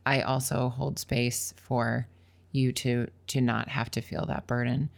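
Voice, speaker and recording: A woman hosting a podcast, talking in a warm, affirming, measured way into a large studio microphone. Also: little pitch movement. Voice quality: gravelly low voice. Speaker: podcast host. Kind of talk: intimate podcast conversation.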